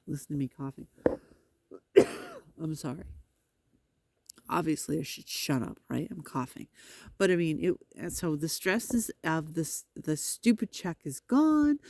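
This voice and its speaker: A woman's voice: lowish voice, dark tone, dry recording. A woman venting in a rambling, frustrated monologue, swearing and talking to her cats outdoors on a road. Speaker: vlogger.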